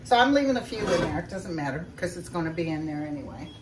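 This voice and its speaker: A woman's voice: sits low, lively intonation, fast talker, background noise. Chatty woman cooking in a kitchen. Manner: chatty and folksy, talks straight to viewers. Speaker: home cook showing a recipe. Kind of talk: casual cooking vlog. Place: home kitchen. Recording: roomy sound from a distance.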